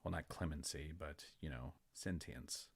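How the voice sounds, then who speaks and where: A man's voice: a bass voice, unhurried, vocal fry, husky, no echo, clean studio sound, exaggerated voice. A man doing a weary little gnome clerk. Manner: put-upon, dryly sarcastic.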